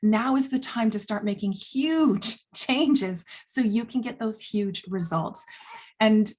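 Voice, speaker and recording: Husky-voiced woman in an earnest vlog. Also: on the high side, takes it slowly. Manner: earnest, animated, laughs often between phrases; blunt, self-described swearer. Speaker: holistic health coach. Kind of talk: casual motivational vlog monologue.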